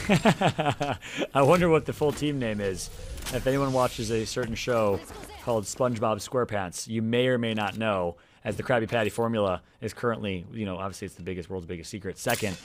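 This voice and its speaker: A man's voice: on the low side, a little hiss or hum. A man with a Midwestern American accent doing chatty, joking color commentary on an esports match. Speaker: esports analyst and co-caster.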